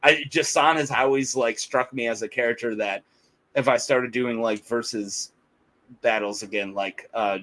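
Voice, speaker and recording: A man's voice: mid-range voice, steady tone, moderate pace, pushed and bright, rough recording. A man co-hosting a podcast, chatting casually, rambling with frequent laughter. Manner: rambling, laughs often, quotes characters in playful voices. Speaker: podcast co-host. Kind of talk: casual chat.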